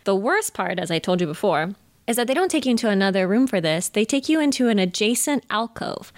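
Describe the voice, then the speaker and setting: A woman co-hosting a podcast, telling stories in a casual, animated way, swearing freely and laughing often. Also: a little high, normal speed, dry recording, studio quality. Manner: animated, profane storytelling with frequent laughter. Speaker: podcast co-host. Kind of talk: casual chat.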